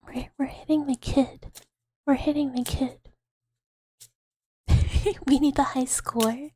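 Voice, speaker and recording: Woman, 30s, breathy whisper, whispered ASMR livestream chat, slow, bit high, dry close sound. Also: steady tone, mellow, no echo. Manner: giggly, rambling, greets chat. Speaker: ASMR streamer.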